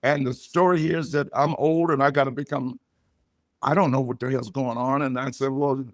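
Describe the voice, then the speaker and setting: An older man, a comedian guest, telling stories and jokes in a loud, punchy way. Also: medium pitch, normal speed, no room sound, clean studio sound. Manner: loud punchy joke delivery, animated storytelling. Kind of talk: storytelling comedy chat.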